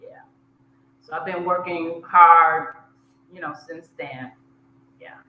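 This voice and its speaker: Southern lady guest on a podcast, talks real slow and easygoing, echoey room. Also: fairly low pitch, fairly even intonation, phone-quality sound. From South Georgia, US. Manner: unhurried, chatty, laughs at herself. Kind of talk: casual interview chat. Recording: echoey room with faint hiss.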